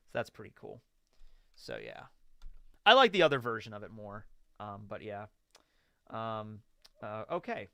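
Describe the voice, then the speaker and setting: A young adult man hosting a live stream, chatting casually and excitably with frequent laughter. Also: on the low side, moderate pace, creaky, pauses often, no echo. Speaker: streamer host.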